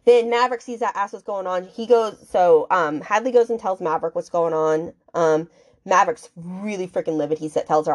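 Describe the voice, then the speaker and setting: A woman's voice: on the low side, fairly quick. A woman hosting a book podcast, recapping the story in a casual, chatty way, full of fillers, swearing and indignant asides.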